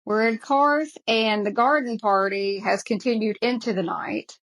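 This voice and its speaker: A woman's voice: on the high side, unhurried, a bit bright, low-quality recording. A woman with a Southern US accent co-hosting a podcast, chatting casually about a TV show with exasperated asides. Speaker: podcast co-host. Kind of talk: casual chat recapping a TV show.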